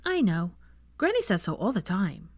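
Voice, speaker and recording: A woman voicing an eager, chatty six-year-old boy in an audiobook reading, with gushing, rushed questions. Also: medium pitch, sing-song, darkish tone, no room sound, studio quality. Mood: hushed. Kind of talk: audiobook character voice.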